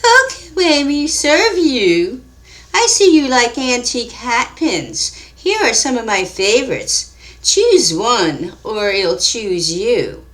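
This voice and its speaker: A woman voicing a loud older shopkeeper dressed as a queen, speaking in a grand, old-fashioned manner. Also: fairly high pitch, big pitch swings, takes it slowly, pitched above the performer's own voice, full character voice.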